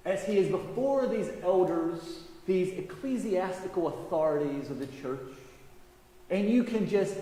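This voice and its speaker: A male priest preaching a sermon, telling a fable and reflecting on it in a measured storytelling way, in a church. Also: high voice, warm tone. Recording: echoey church hall, faint noise.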